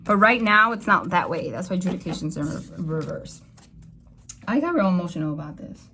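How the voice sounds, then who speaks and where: A young woman talks through a tarot reading straight to her viewers. She rambles and doubles back, and her voice jumps up in sudden bursts of excitement. Her voice sits a little low for a woman. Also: fairly quick, noisy background. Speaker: tarot reader. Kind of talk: casual tarot reading to camera.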